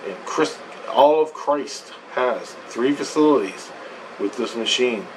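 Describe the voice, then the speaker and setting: A man voicing a stern, calm female priestess who lectures in a low, hushed, insistent way. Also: slow, slight background noise, low-quality recording.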